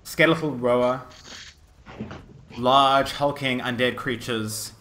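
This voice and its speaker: Bright-voiced man narrating a game. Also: medium pitch, fairly even intonation, slow pace, a little hiss or hum. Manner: vivid descriptive narration with frequent restarts. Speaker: game master.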